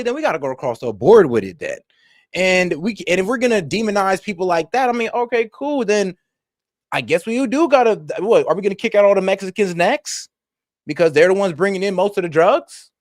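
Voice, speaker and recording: A man's voice: sits high, no room sound, clean studio sound. A man hosting a stream, reacting to news clips in blunt, slangy, casual talk aimed straight at his viewers.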